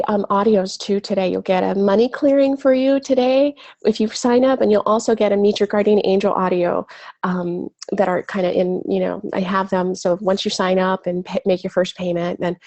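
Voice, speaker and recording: A woman's voice: mid-range voice, vocal fry, mellow. A woman with a cold hosting a live spiritual webinar in casual, chatty talk, gushing and full of fillers, with the odd swear word. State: has a cold.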